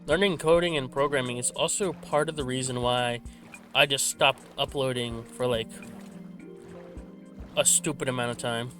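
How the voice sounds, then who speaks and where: A man hosts a laid-back gaming channel, rambling as he plays and correcting himself with a slight stutter, speaking into a desk microphone with a simple filter. His voice is medium-pitched and a bit bright, with fairly even intonation, normal speed and long pauses, over soft background music.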